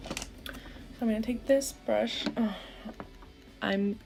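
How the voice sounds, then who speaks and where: A young woman casually chatting through a makeup tutorial as a beauty vlogger, candid and quick to exclaim. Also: fairly high pitch, vocal fry, whispered, over music.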